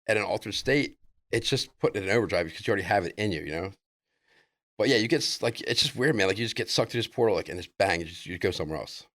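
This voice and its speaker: A man with a deep, gravelly voice rattles off a loose, excitable story as a podcast guest. His casual chat spills over with filler words, and the sound is dry and close. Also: racing, no echo. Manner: loose, excitable, full of "like" and "dude".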